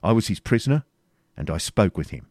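A man's voice: on the low side, sing-song, fairly quick, a little mellow, dry recording, studio quality. A man voicing a grim battle-worn knight. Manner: grave, blunt courtly speech. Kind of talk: audiobook character reading.

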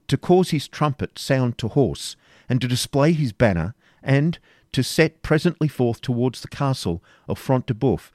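A man's voice: mid-range voice, mellow, no echo, clean studio sound, voice pushed up, natural voice. A man voicing a calculating royal counsellor in an audiobook reading, speaking in formal old-fashioned phrasing. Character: scheming adult male royal counsellor, cool and calculating.

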